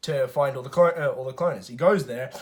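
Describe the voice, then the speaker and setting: A man's voice: medium pitch, fast talker. A man giving a casual movie review rant, swearing often and restarting his sentences with lots of fillers. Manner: profane, frequent stammered restarts and fillers. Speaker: film reviewer.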